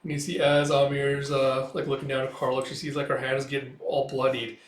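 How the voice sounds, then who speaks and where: A man's voice: mid-range voice, monotone, a little fast. A man casually reading through a manga, rambling with lots of fillers. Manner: rambling, full of fillers like "it's like". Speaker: comic reader. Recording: echoey room.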